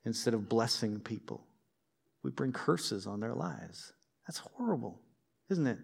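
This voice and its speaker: A man preaching a sermon in a conversational, lively way, with personal stories and light humor. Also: mid-range voice, a little slow, creaky, husky. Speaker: pastor.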